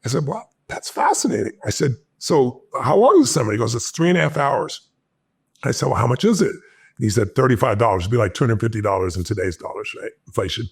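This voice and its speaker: A man in his sixties, from the United States, telling a personal story as a podcast guest and acting out the dialogue with jumps in pitch. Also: expressive, fast talker. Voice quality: gravelly, husky voice.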